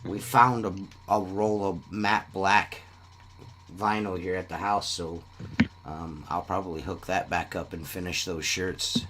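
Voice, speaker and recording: A man's voice: low-pitched, fairly even intonation, measured pace, noisy background. A man hosting a casual podcast, rambling and swearing often, with "you know what I mean" in nearly every sentence. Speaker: podcast host selling shirts.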